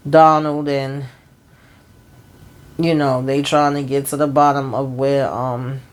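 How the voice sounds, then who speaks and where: A woman's voice: very deep voice, little pitch movement, slow. A woman giving a casual, colloquial recap of a TV episode, retelling scenes through quoted dialogue and breaking in with her own exclamations. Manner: colloquial, frequent fillers. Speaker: TV recap host.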